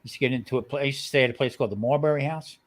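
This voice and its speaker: A man's voice: medium pitch, racing. An older man co-hosting a casual chat show, telling rambling, jokey stories. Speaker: co-host.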